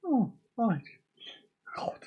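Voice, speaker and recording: Speaking very slowly on a lo-fi recording, a man hosts a casual live stream and chats with his viewers. He's jokey and rambling, singing and laughing along.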